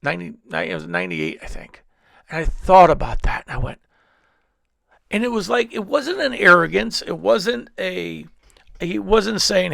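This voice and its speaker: A male pastor preaches in a lively, swooping voice with a heavy gravelly rasp. He rambles through stories, restarting his sentences again and again. The recording is dry and close, with little room sound. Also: high voice, measured pace, no echo. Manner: rambling storytelling with many restarts. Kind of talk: sermon. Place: church service.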